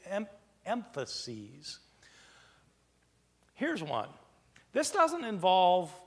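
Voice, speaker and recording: A man lecturing in a high voice that swings widely in pitch. He talks in an animated way and keeps asking rhetorical questions. His words ring out with a long reverb, as in a big hall. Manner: animated, rhetorical questions, plays out imagined exchanges. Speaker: lecturer on early Christian texts.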